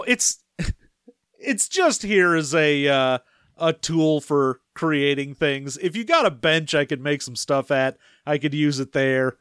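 A man co-hosting a casual podcast, playful with quick jokes and frequent laughs. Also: on the high side, lively intonation, a bit bright, smooth, dry recording, clean studio sound. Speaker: podcast co-host. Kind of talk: casual book-discussion chat.

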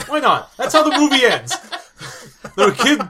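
A man's voice: extremely high pitch, wildly swooping pitch, bright, forceful tone. A man co-hosting a casual movie-review podcast, sarcastic and playful. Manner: sarcastic, playful, quick bits. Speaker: podcast co-host.

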